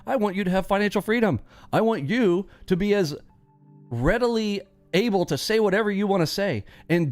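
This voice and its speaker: A man's voice: fairly high pitch, darkish tone, no room sound. A man hosting a live trading stream, talking bluntly in a casual, preachy rant and laughing often.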